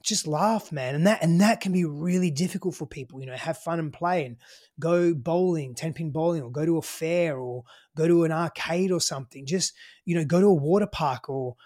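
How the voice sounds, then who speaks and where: A man's voice: a little high, brisk, darkish tone. A man with an Australian accent, a podcast guest talking loosely and emphatically in a casual interview, swearing freely.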